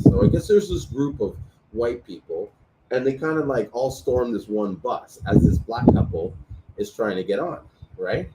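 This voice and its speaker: A man chatting casually and telling animated stories, swearing freely, recorded in a room at night. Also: on the low side, noisy background. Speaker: host. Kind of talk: casual chat. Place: room at night lit by a selfie light.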